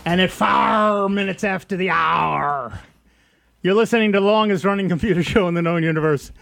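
High-voiced guy hosting a radio tech call-in show, chatty, explains things step by step, studio mic. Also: normal speed, gravelly, fairly bright tone, faint music behind. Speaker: radio computer show host. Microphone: studio microphone.

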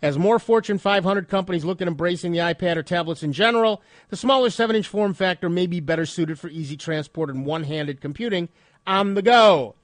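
Male radio tech host, stuffed-up, higher pitch, dry close sound, wry and chatty. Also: fairly quick, dry recording. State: stuffed up nose. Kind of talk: radio tech talk and news reading.

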